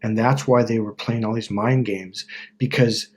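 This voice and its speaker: Husky guy from wisconsin ranting to camera, swears a lot, trips over his words. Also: fairly low pitch, fairly even intonation, normal speed, darkish tone. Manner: rambling, profane, self-correcting. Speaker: self-help video host. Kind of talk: casual monologue.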